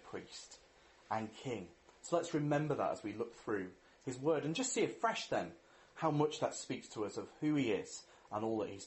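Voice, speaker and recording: A man's voice: medium pitch, a little mellow. A man preaching a sermon in an earnest way, reading scripture, asking rhetorical questions and leading a prayer.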